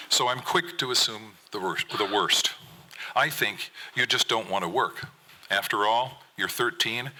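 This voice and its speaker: A fisherman reads his own story aloud at a live stage event, earnest and plain-spoken. His voice sits fairly low but has a very bright, sharp tone. Recorded with a stage mic. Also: rough recording. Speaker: commercial fisherman reading at a poetry gathering. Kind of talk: reading a personal story aloud.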